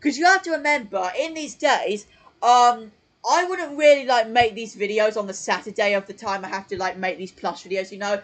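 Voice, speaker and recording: A male streamer chatting at home into a desk mic, giving casual commentary on his old videos. He rambles along, piling up fillers and restarts, with a fairly high voice for a man. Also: normal speed, a bit bright, low-quality recording. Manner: rambling, lots of fillers and self-corrections. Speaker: channel host.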